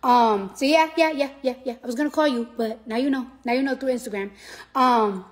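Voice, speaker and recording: A woman's voice: fairly high pitch, a little fast. A tired woman rambling casually and profanely on a live stream from her phone, repeating herself as she talks to fans.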